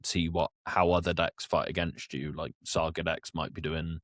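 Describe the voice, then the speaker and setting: A man's voice: extremely low pitch, flat delivery, moderate pace, no room sound, studio quality. A man co-hosting a casual podcast, talking in an opinionated, conversational way. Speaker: podcast co-host.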